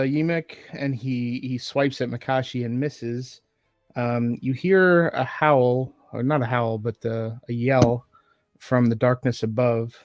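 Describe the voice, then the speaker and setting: Unhurried man running a tabletop game. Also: mid-range voice, darkish tone, no room sound. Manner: hesitant, many filler words. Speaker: game master.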